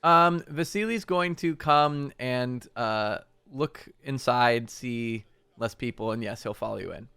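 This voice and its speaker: A man's voice: medium pitch, unhurried, gravelly, bright, forceful tone, clear, resonant tone. A man narrating as game master, casual and full of fillers.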